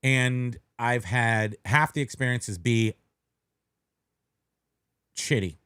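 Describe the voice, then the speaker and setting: A man's voice: medium pitch, takes it slowly, fairly bright tone, clean tone, no echo, clean studio sound. A man co-hosting a casual podcast, rambling and correcting himself as he jokes along. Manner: rambling, self-correcting, joking. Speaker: podcast co-host. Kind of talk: casual chat.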